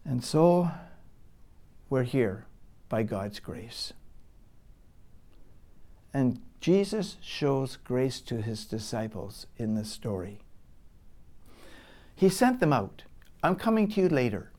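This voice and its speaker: A middle-aged pastor preaching a sermon, building to loud emphatic peaks and dropping to hushed, near-whispered lines. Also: male voice, medium pitch, sing-song, extremely slow, pauses often.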